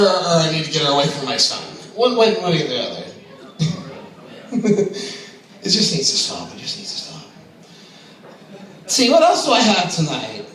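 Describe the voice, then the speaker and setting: A brash male stand-up comic with a bright, high voice that swoops up and down as he jokes, chuckling at his own lines. He is picked up from far off in a very echoey club room. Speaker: stand-up comedian. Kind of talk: open mic stand-up. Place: comedy club stage.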